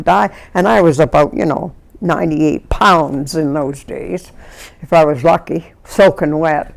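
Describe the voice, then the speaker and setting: Low-pitched with vocal fry and a measured pace, a Canadian woman in her nineties shares memories in an oral history interview. She tells them vividly, acting out the people she describes.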